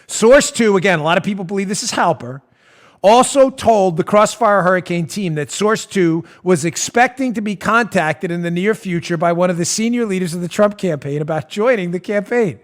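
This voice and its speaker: A man in his forties hosting a political talk show, mocking and animated, often breaking into laughter. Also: sits high, normal speed. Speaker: host.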